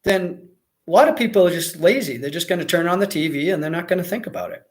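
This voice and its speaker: American guy rambling through a casual livestream, reading comments out, lots of ums and restarts, voice a bit on the high side. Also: lively intonation, quick pace. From United States. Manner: rambling, conversational, many fillers and restarts. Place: Mexico.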